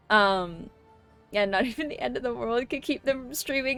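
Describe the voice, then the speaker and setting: A woman's voice: on the high side, expressive, unhurried, no room sound, soft background music. A woman streaming a game live, chatting casually with chat and ranting with plenty of swearing. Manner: profane, ranting, greets chat.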